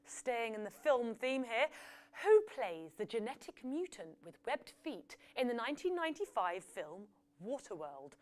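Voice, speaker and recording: A woman's voice: fairly high pitch, very animated, moderate pace. A woman hosting a live quiz, reading out questions and results with chatty, jokey asides. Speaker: quiz host.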